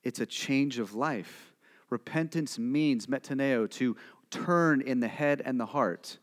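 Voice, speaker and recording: Preaching man in a reverberant hall. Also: slow pace. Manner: swings from quiet and low to loud and emphatic; direct, conversational, asks the listeners questions. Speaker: pastor. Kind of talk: sermon.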